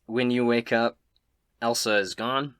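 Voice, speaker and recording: A man narrating as game master of a tabletop game, joking and quick. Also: medium pitch, fairly even intonation, a bit bright, clear, resonant tone, no room sound, studio quality.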